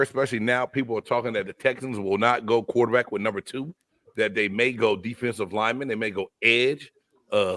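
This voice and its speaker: A man hosting a casual live sports chat, loud and joking with his co-hosts. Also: medium pitch, no echo. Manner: loud, hyped, joking banter. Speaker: host.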